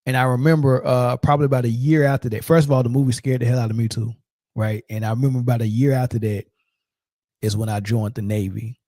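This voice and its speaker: A man's voice: mid-range voice, steady tone, quick pace, dark tone, no echo, clean studio sound. A man in his forties hosting a sports show, talking loose and slangy in a rambling, storytelling way. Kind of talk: casual sports talk.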